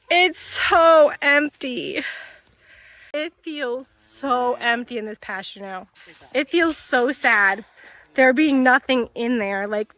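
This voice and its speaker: A woman's voice: a bit bright, no room sound. A woman vlogging casually on her farm as she moves animals, talking into a phone outdoors and chatting along. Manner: chatty, switches to high baby-talk with animals. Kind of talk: casual vlog narration while doing farm chores. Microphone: phone held while walking.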